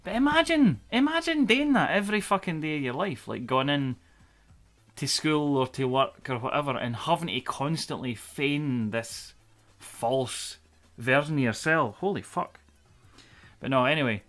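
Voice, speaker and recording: A man's voice: on the high side, animated, moderate pace, fairly bright tone, soft background music. A man in his thirties with a Scottish accent from the central belt, telling rambling, sweary stories in casual chat on a live stream. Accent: Scottish, central belt between Glasgow and Edinburgh. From Scotland.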